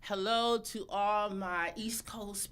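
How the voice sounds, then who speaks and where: A woman's voice: mid-range voice, slow pace, over a noisy crowd. Chatty East Coast woman guest. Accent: Northeastern US. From Connecticut, USA. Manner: chatty, laughs easily, animated storytelling. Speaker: podcast guest. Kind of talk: casual podcast chat. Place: podcast studio.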